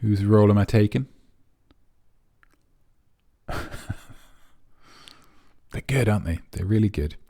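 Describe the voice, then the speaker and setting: Man, very low voice, pompous quiz host, rambling, mock-serious. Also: slow pace, pauses often, dark tone. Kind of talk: comic live-stream quiz hosting.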